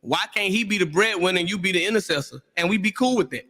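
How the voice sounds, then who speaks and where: A man on a discussion panel, talking in an animated way and acting out voices in his stories. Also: high voice, quick pace, big-room sound. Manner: animated storyteller, acts out quotes.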